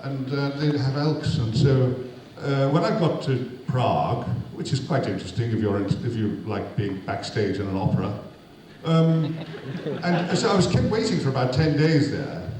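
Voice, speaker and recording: A man, an actor, telling a rambling, self-deprecating comic anecdote to an audience. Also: mid-range voice. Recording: echoey hall, distant mic, noisy.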